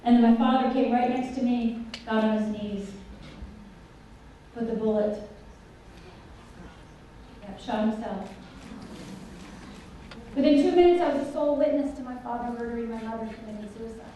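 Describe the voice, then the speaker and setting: High-voiced woman speaking in an echoey hall. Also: normal speed, pauses often, far from the mic, slight background noise. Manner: animated storyteller, asks the audience questions. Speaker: conference speaker. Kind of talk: personal story speech to an audience. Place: large conference hall. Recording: echoey hall, voice picked up from afar.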